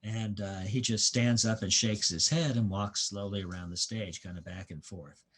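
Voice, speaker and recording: A man giving a museum history lecture as a guest historian and author. He tells the story at an unhurried pace and fills his pauses with frequent "uh"s. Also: fairly low pitch, fairly bright tone.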